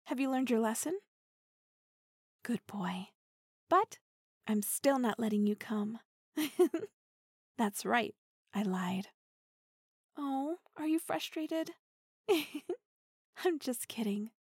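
Give me a playful, dominant young woman voiced by an actress in an intimate audio role-play, with a slightly high, breathy voice. She teases slowly and giggles often, dropping into soft half-whispers close to a dry-sounding mic. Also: expressive, no echo, exaggerated voice. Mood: teasing. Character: playful teasing dominant female partner.

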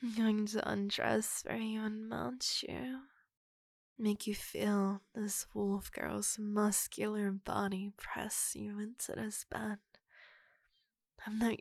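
A woman voicing a muscular wolf-girl monster, flustered yet forward, in an audio role-play, speaking slowly with a gravelly edge and slipping into breathy whispers. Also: on the high side, dry recording, clean studio sound.

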